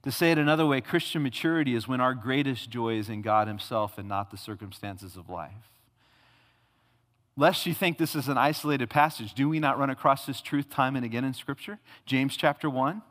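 A man's voice: medium pitch, brisk, a bit bright. A male pastor preaching a sermon with emphatic repetition and rhetorical questions, recorded in a church sanctuary. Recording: long hall reverb.

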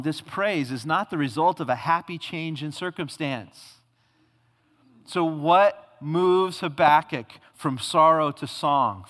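A male pastor preaching a sermon, emphatic, swinging from loud declarations to hushed tones. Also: mid-range voice. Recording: long hall reverb.

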